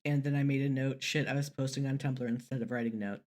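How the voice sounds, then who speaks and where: A woman co-hosting a casual podcast, talking in a rambling, animated way and swearing casually. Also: a bass voice, fast. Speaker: podcast co-host.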